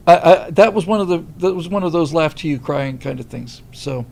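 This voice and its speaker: A middle-aged man hosting a casual livestream, rambling and animated as he reads viewer comments. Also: a little high, fairly quick, creaky. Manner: rambling, animated, many restarts. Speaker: livestream host reading super chats.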